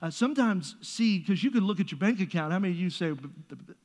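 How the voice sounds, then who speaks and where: A man's voice: high voice, expressive, fast talker, darkish tone. A man preaching a sermon as pastor, conversational and joking, with playful asides to the congregation. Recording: long reverb of a large hall.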